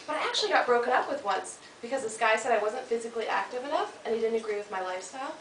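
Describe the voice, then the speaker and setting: Racing through her stand-up set, an American woman teases the crowd and puts on goofy voices in a chatty, playful style. Her voice is a little high and expressive, with a bit of hiss or hum in the audio. The comedy club echoes, the mic is heard from afar, and the audience laughs along.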